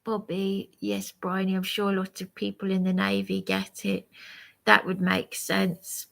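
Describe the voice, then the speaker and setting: Slow, gravelly-voiced tired woman. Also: medium pitch, monotone. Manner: rambling, hesitant, many restarts. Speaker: livestreamer reading chat. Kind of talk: casual live chat.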